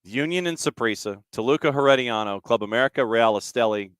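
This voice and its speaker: Male podcast host, brisk rundown of dates, casual, dry close mic. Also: mid-range voice, fairly bright tone, clean tone, no room sound. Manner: brisk, rattles off dates and lists, reads listener comments. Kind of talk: casual chat and news rundown.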